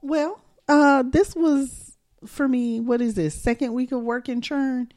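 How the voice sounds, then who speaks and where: A woman's voice: sits high, slow, darkish tone. A young woman co-hosting a podcast, chatting casually with a playful, teasing manner. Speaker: podcast co-host. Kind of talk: casual chat.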